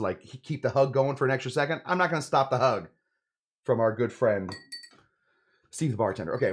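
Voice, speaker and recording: A man hosting a casual cocktail-making demonstration, joking and rambling with lots of asides. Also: mid-range voice. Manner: joking, rambling, self-interrupting. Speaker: host of a cocktail channel.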